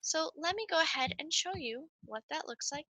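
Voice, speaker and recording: A woman giving a lively, sing-song nature lesson to young children while playing a coyote mascot. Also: sits high, normal speed, no echo. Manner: animated, sing-song, speaks straight to children.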